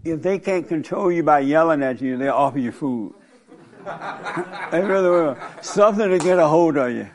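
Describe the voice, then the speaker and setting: A man's voice: a little high, lively intonation, normal speed. A man leading a casual group discussion, speaking in an encouraging, preacher-like way. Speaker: group leader.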